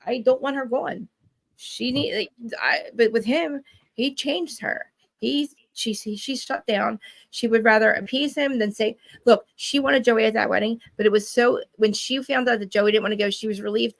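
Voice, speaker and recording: A young woman co-hosting a casual chat, animated, swearing and acting out quotes. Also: fairly high pitch, moderate pace, creaky. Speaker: podcast co-host.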